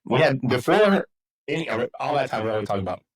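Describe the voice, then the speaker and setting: A man's voice: mid-range voice, very animated, a little fast, poor audio. A swearing middle-aged man spinning stories. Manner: swears freely, acts out quotes, rambling. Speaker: podcast guest, football coach. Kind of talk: casual storytelling.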